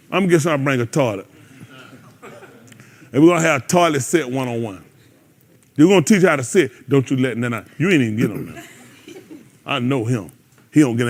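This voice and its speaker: A man leading a congregation's Bible class, bantering and laughing with them between scripture readings. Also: mid-range voice. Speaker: teacher leading a Bible study. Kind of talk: casual joking Bible class.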